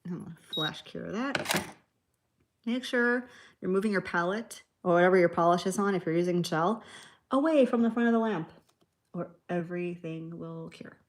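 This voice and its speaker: Hosting a nail art livestream, a woman speaks at a moderate pace in a lowish voice. She keeps the tutorial casual and chatty, responding to viewer comments and laughing readily.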